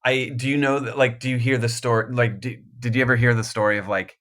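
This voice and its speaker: A man's voice: mid-range voice, level tone, quick pace, a bit bright. A man speaking as a guest author in a casual podcast conversation, rambling and self-deprecating, full of restarts and laughing often. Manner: laughs often mid-thought.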